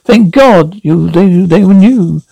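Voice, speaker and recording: A woman's voice: on the low side, lively intonation, takes it slowly, vocal fry, dark tone, breathy edge, no room sound, exaggerated voice, low-quality recording. An actress playing a house-proud, doting mother in a sitcom, chattering in a fluster. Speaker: fussing mother.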